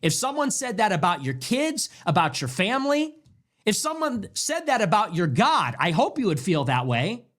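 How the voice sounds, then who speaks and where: Fiery man with a lively voice. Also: high-pitched, normal speed. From United States. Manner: impassioned, declamatory, hammering repeated rhetorical questions. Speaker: show host. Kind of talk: heated political monologue.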